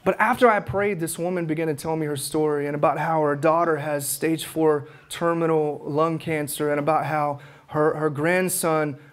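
Evangelist, man in his thirties, fervent storytelling sermon, voice sits a bit high. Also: steady tone, normal speed, few pauses. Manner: fervent storytelling, acts out his own prayers. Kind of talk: conference teaching sermon.

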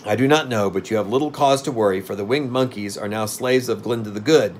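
A man voicing a gentle, wise scarecrow king. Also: fairly low pitch, brisk, slight background noise, natural voice. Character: kindly, wise straw-stuffed male king, gentle.

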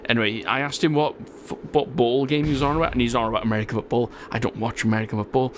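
A man's voice: mid-range voice, fairly even intonation, fast talker, slight background noise. A man giving casual, chatty gameplay commentary, laughing often as he reads viewer comments. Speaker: gaming channel host.

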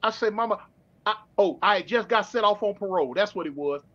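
A middle-aged man from California telling his story in casual street slang, with halting restarts, over a dull remote call. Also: high-pitched, a bit bright. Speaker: guest.

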